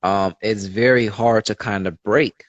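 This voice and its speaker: A man's voice: lowish voice, steady tone, unhurried, no room sound, highs cut off. A man talking as a podcast guest in casual conversation, sharing personal stories in an earnest, open way with many fillers.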